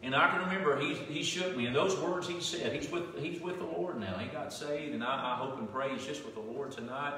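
A man's voice: fairly high pitch, a little fast, hardly any pauses, pushed and bright. A man with a Southern US accent preaching a sermon as pastor, folksy and conversational, often restarting his sentences. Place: church sanctuary. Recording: echoey hall from far off.

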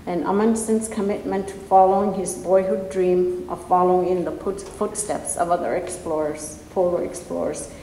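A woman giving formal remarks at an event in a composed, measured way. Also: lowish voice, level tone, dark tone. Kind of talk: formal speech. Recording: reverberant hall with faint noise.

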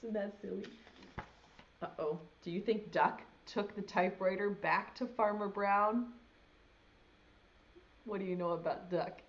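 A young woman, a preschool teacher, reads a picture book aloud at a slow, patient pace. She pauses often to ask the little ones questions. The recording sounds dull and lo-fi. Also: medium pitch. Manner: gentle, asks children questions as she reads. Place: home video lesson.

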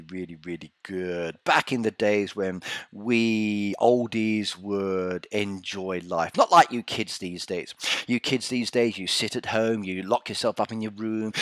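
A man's voice: lowish voice, a bit bright, no echo, clean studio sound. A man in his forties chatting playfully through a live game stream, joking and putting on voices. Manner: playful, jokey, acts out voices. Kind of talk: casual live-stream commentary.

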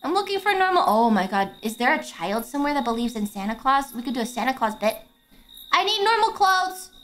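Young woman, gameplay streamer, bright sharp tone, giggly, swears a lot, faint music behind. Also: high voice, fairly quick. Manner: excitable, giggly, swears freely. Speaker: VTuber streamer. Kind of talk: casual gameplay commentary.

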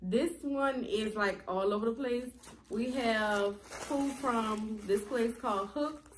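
A woman co-hosting a casual eating vlog, chatty and drawn-out when she explains. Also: fairly high pitch, a little hiss or hum. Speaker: co-host. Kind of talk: casual mukbang chat.

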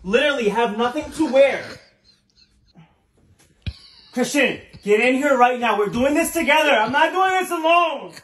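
A man puts on a high, swooping voice for a nagging young wife in a comedy sketch, sulky and sarcastic. The voice sits far from the mic in an echoey room with steady background noise. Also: normal speed. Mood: fussy. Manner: insists she is not mad, sulky and sarcastic.

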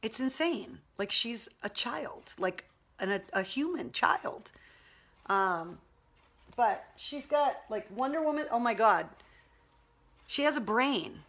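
A woman hosts a casual livestream from home, rambling chattily about her puppy with lots of fillers and slipping into baby talk with the dog. Her voice is a little high and expressive, her tone fairly bright, and she speaks slowly.

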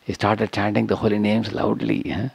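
Deep gravelly man giving a devotional lecture. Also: flat delivery, moderate pace, a little mellow, dry recording. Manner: checks in with frequent "huh?" and "hmm?". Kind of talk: scripture lecture with storytelling.

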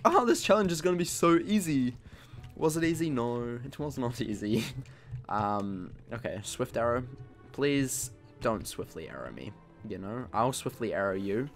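This gaming channel host has a voice on the low side with a fairly bright tone. While playing a video game, he keeps up casual, joking commentary, ribbing himself and exclaiming at what happens.

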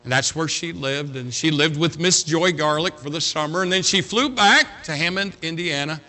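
A man pastor telling a story in a sermon, swinging from loud to hushed. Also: on the high side, normal speed. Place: church sanctuary.

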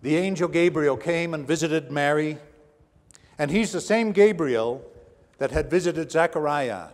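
A man's voice: a little high, measured pace. Preaching man in a reverberant church. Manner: dramatic preaching, swinging from hushed to raised. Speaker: pastor. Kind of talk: sermon. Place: church sanctuary.

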